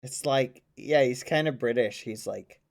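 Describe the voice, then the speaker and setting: A man chatting casually with his stream chat in a relaxed, joking way. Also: medium pitch, a little slow, creaky.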